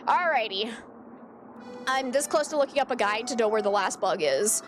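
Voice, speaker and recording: A woman's voice: a little high, animated, moderate pace, over music. Exasperated, chatty woman streamer. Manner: exasperated, chatty, swears casually. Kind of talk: casual gameplay commentary.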